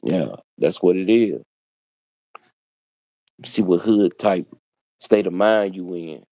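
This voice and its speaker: Preachy man with a low, mellow voice. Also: takes it slowly, no room sound. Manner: preachy, repetitive, street slang. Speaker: livestream host. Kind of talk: casual livestream monologue.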